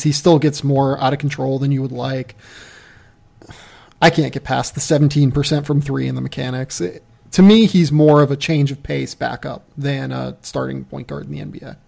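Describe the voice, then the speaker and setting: Gravelly-voiced man talking basketball. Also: medium pitch, fairly even intonation, moderate pace, a little mellow. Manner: casual, loose, laughs at himself. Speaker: podcast host. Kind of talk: casual basketball draft chat.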